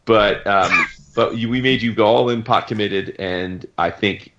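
A man's voice: lowish voice, a little slow, highs cut off, noisy background. A man co-hosting a casual podcast chat, telling stories and acting out what others said. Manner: animated storyteller, acts out others' lines. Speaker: podcast co-host.

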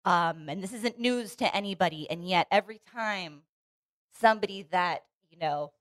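A woman's voice: lowish voice, normal speed, a bit bright, dry recording. A woman co-hosting a casual podcast chat, earnest and opinionated, restarting her sentences often. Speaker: podcast co-host. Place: Los Angeles.

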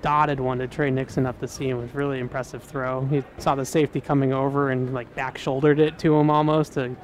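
A man co-hosting a live show, analyzing players in a measured, thoughtful way. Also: medium pitch, level tone. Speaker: podcast co-host. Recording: faint background noise.

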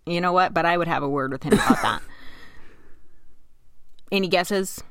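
A woman's voice: fairly low pitch, normal speed, clear, resonant tone, no echo, clean studio sound. A woman hosting a casual podcast, telling a story in a wry way and laughing often.

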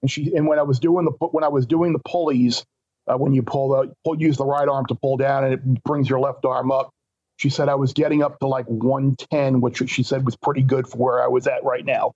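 A man's voice: mid-range voice, flat delivery, a little fast, darkish tone, slightly rough. A man calls in as a guest on a betting talk show, speaking in a stop-start way and doubling back on his words. His voice comes through a dull, muffled line with a dry, close sound and no room echo. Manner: stop-start, repeats words while thinking. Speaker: guest sports bettor.

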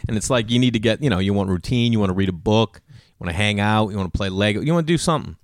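Guy doing a solo podcast ramble, super lively up-and-down voice, swears a lot, acts out the family bits. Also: on the low side, rapid-fire, no room sound, clean studio sound. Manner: animated storyteller who acts out family dialogue; loose, swears casually. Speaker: podcast host. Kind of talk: casual solo monologue.

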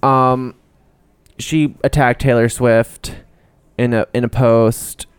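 A man's voice: medium pitch, flat delivery, takes it slowly, smooth, dry recording. A man chatting casually as a podcast co-host, rambling and heated, swearing when worked up. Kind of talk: casual chat about celebrity gossip.

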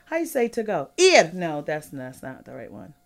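A young woman from California hosting a casual podcast chat, sassy and animated, laughing often and swinging between loud claims and low asides. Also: moderate pace, creaky. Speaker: podcast host.

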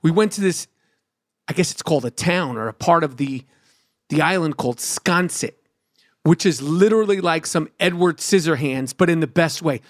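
A middle-aged man, telling a profane, animated story as a podcast host. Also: a little high, normal speed, no echo, clean studio sound. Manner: animated, brash, lots of swearing.

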